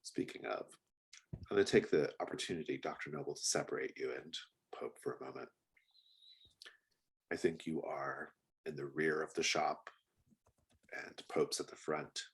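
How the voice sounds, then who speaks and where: Deep-voiced man running a tabletop game. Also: gravelly, husky. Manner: slow, relaxed and chatty with fillers. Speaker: game master.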